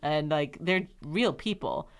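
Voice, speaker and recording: Low, gravelly-voiced young woman. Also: expressive, slow. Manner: soft, storytelling with many fillers. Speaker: podcast guest. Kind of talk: casual conversation.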